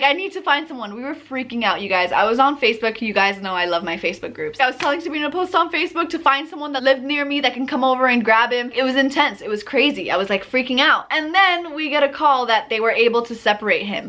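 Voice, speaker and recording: A young woman telling a story to her viewers in a casual vlog, excitable and chatty with many fillers. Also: a little high. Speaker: horse vlogger.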